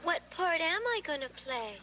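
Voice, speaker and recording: A woman's voice: very high voice, big pitch swings, normal speed, noisy background. A woman playing a sweet, timid girl puppet who speaks in a meek, earnest way. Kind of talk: puppet show acting.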